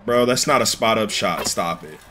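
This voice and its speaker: A man on game voice chat with a bright, forceful edge to his voice. He talks bluntly, scolding and nagging his teammates as they play. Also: on the low side, expressive, normal speed. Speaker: streamer playing online basketball game.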